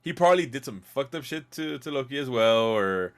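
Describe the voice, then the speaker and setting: A man's voice: mid-range voice, lively intonation, fairly quick. A man co-hosting a casual chat, laid-back and joking with crude slang. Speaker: podcast co-host. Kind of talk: casual movie recap chat.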